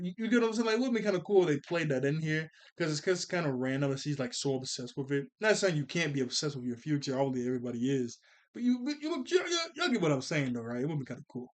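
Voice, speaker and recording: A man's voice: on the high side, big pitch swings, fast. A man reviewing a cartoon episode in a casual, rambling way, laughing often and checking that listeners follow him. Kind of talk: casual commentary.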